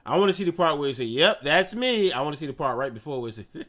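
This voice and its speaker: A man's voice: mid-range voice, animated, racing. A man streaming live, reacting to clips in casual, slangy chat and laughing often.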